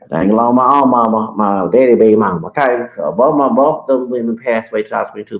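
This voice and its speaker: A man's voice: mid-range voice, fast. A man in his forties talking in a long, rambling livestream monologue, often restarting and correcting himself. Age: 40s. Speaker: streamer. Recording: echoey room, dull lo-fi sound.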